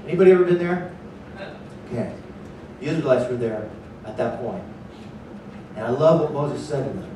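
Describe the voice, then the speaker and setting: A man preaching a sermon as pastor, animated, sometimes acting out panicked voices. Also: normal speed, pauses often. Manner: animated, acts out panicked voices in a raised pitch. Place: church. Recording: echoey church hall, distant mic, faint noise.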